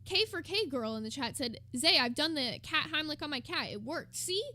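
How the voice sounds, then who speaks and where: A woman's voice: sits high, expressive, normal speed, sharp tone. A woman streamer giving gossipy, sarcastic commentary while reacting to another stream. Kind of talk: casual commentary.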